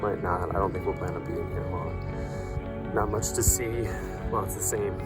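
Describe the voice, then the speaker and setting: A tired man with a lowish voice talks to a handheld camera out on a wooded trail, wry and chatty as he walks. Music plays clearly behind him. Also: steady tone, normal speed. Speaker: hiking vlogger. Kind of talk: casual trail vlog. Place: outdoors on a forest trail.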